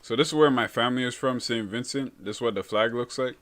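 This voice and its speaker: A young man hosts a relaxed live stream, answering viewer comments in loose, easygoing chat. His pitch sits in a normal middle range for a man. He talks in a laid-back way and drops "bro" into almost every thought. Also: fast talker. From Canada.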